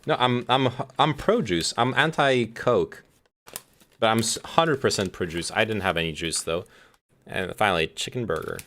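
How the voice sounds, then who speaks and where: A man with a lowish voice talks loosely to his stream audience, swearing and chuckling as he goes. His delivery is casual and offhand, as if he is eating while he talks. He sounds relaxed and talkative. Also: moderate pace, slight background noise. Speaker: livestreamer reacting to a video. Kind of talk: casual chat.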